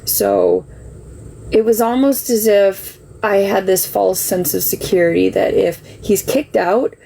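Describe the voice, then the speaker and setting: On a live stream, a woman tells her side in a casual monologue that is emotional, defensive, and rambling, full of "like" fillers. Her mid-range voice is steady, unhurried, gravelly, and warm. The low-quality recording has a little hiss or hum.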